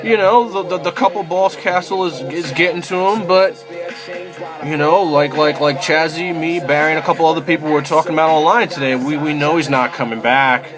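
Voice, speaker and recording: A man's voice: on the high side, fairly quick, over music. A man giving a casual, rambling rant as a football fan, exasperated and swearing, with lots of fillers like "you know" and "man".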